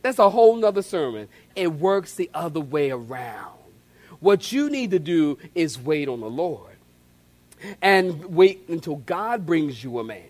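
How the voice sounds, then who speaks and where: A man with a high, light voice preaches a sermon from the pulpit. He is animated and acts out the scenes, and he calls on the congregation to answer back. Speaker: pastor.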